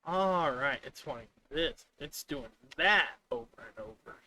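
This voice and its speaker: Slow-talking, bright-voiced exasperated man streamer. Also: on the high side, lively intonation. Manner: exasperated, rambling, mocks the software in quoted voices. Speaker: live streamer. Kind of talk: casual live-stream commentary while coding.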